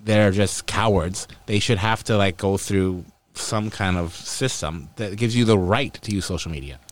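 A man's voice: on the low side, normal speed. A man hosting a casual podcast chat, opinionated and swearing freely. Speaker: podcast host.

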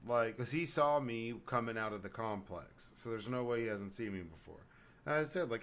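A man co-hosting a podcast, telling a story in animated, profane casual chat. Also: medium pitch, brisk, a little hiss or hum. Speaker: podcast co-host.

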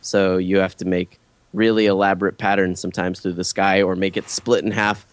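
A man's voice: sits low, level tone, brisk, no room sound. A man on a casual podcast panel, explaining things at length and swearing casually. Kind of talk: casual chat.

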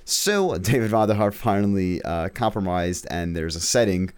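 Man, lowish voice, casual podcast co-host reading game headlines. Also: animated, normal speed, darkish tone, smooth. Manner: reads headlines, loose and profane. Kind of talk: casual gaming news chat.

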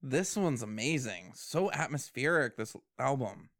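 A man casually reacting to new songs, excitable, swearing often and breaking into laughter. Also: mid-range voice, a little slow. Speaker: music reaction host. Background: faint music.

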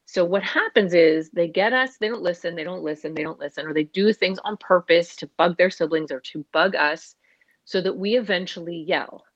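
A woman speaking about parenting in an earnest, animated, conversational way, sometimes acting out the voices of parents and children. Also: lowish voice, normal speed, dry recording, lo-fi sound. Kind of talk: casual conversational explanation.

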